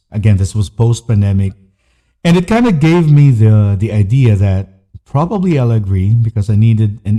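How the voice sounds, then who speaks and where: A man's voice: lowish voice, dark tone. A man hosting a podcast, telling a personal story in an earnest, candid way, with short listed phrases. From Philippines. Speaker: podcast host.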